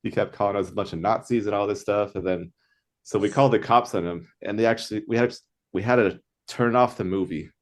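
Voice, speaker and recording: A man's voice: lowish voice, brisk. A man in casual chat, laid-back, swearing casually and laughing easily.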